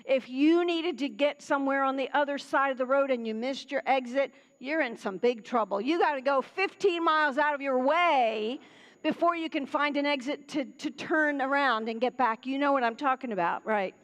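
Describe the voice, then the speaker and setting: Woman minister from Pennsylvania, high voice, animated sermon with hushed passages, reverberant hall. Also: moderate pace. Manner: animated, laughing, drops to hushed tones. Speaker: guest minister. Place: church sanctuary.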